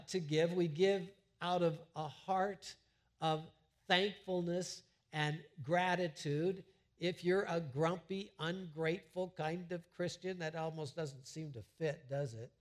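A middle-aged pastor with a somewhat high voice preaches a sermon in a church sanctuary. His delivery is conversational and animated, with frequent restarts.

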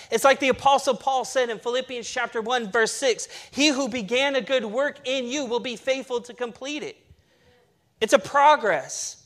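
A man's voice: extremely high pitch, fairly bright tone. A man, a pastor preaching a sermon to a congregation, emphatic and earnest with playful asides.

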